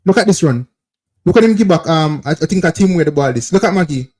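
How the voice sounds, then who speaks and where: Speaking quickly in a fairly high, expressive voice with a darkish tone, this Jamaican-accented host runs a football call-in show. He keeps going over plays on the footage with repetitive insistence, repeatedly calling out to the viewers as people.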